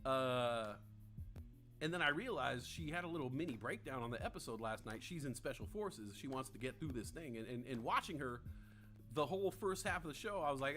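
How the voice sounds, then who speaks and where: A man's voice: medium pitch, expressive, a little fast, a bit bright, faint music behind. A man in his forties hosting a live stream, chatting casually and rambling through viewer comments while swearing freely. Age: 40s.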